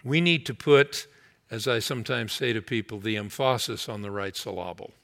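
A man preaching a sermon, earnest and emphatic, easing into a slow, heartfelt prayer. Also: lowish voice, a bit bright. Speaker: pastor.

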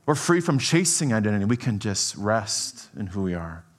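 A man with a fairly low voice preaches a sermon at normal speed in a conversational, animated style. He often checks in with "right?" and swings between soft and emphatic delivery.

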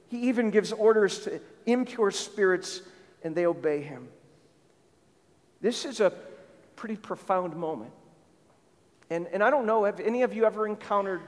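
A man preaching a sermon as pastor, repeating phrases for emphasis and lifting his voice when he quotes. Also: high-pitched. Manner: repeats words for emphasis, rising when quoting. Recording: long reverb of a large hall.

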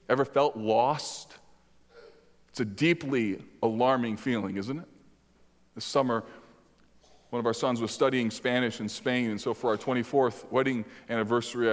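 A middle-aged man preaching a sermon as pastor, telling stories animatedly with sudden loud bursts. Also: mid-range voice. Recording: long hall reverb.

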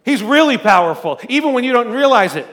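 Pastor, male, high-pitched, loud and animated, preaching through a story. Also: quick pace. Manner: loud speaking voice. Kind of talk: sermon.

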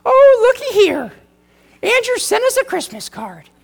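A man voicing a shocked relative reading a card, in a squealing falsetto with a North Dakota accent. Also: wildly swooping pitch, a little slow, gravelly, long reverb tail, heavily acted. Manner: squealing, aghast. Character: shrill startled relative opening a card.

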